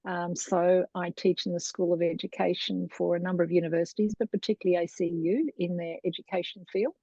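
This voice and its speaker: A woman's voice: lowish voice, steady tone, a little fast, dark tone, no room sound. A middle-aged Australian woman telling her story in a casual interview, chatty and wandering, laughing often. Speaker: guest, Montessori lecturer. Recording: dull, dry lo-fi sound.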